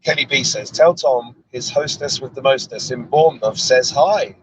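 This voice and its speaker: A man's voice: mid-range voice, moderate pace, rough recording. A man with a mid-range voice hosts a live stream from a moving car. He reads viewer comments aloud in an easygoing, chatty way. Faint road noise sits behind him. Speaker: host.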